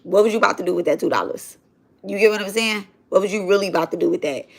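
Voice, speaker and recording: A woman's voice: medium pitch, fast, gravelly. Slangy, rambling woman telling stories. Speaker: spiritual content creator. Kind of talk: casual livestream chat while cooking.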